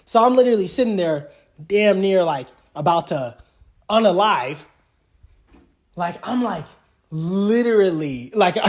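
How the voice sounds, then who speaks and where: A young man casually telling a personal story, rambling and full of fillers like "like" and "literally". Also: high voice. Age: young adult.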